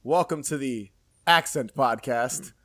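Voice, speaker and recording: A man's voice: mid-range voice, takes it slowly, fairly bright tone, dry recording, clean studio sound. A man from New York City with a New York accent, hosting a podcast in casual, jokey chat and laughing often. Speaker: podcast host.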